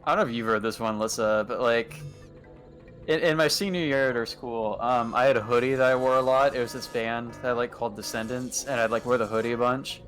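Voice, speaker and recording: A young man in casual chat, telling long rambling stories with a steady stream of filler words. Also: mid-range voice, a little fast, soft background music. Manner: rambling storyteller, heavy on filler "like".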